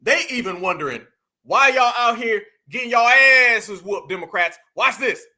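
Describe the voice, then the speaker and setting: A man hosting a commentary vlog, animated and mocking, laughing often as he talks. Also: very high voice, normal speed. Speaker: host.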